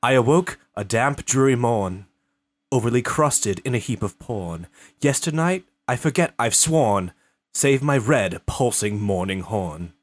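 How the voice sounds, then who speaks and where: A man reading a crude comic poem in a put-on Scottish accent, with slow, theatrical, mock-solemn delivery. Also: mid-range voice, lightly acted. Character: man doing a Sean Connery-style Scottish voice.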